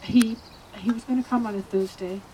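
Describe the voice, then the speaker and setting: Mellow-voiced woman speaking at a funeral. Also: on the high side, steady tone, a little hiss or hum, low-quality recording. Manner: hesitant, halting, with fillers. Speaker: friend giving a eulogy. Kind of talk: memorial speech.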